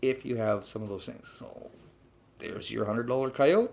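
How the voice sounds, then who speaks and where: A man holds forth to camera in a blunt, animated way, swearing freely. He tags his points with rhetorical questions and talks like an instructor who has said it all before. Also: medium pitch, normal speed, gravelly. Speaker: trapping instructor. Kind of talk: blunt off-the-cuff talk to camera.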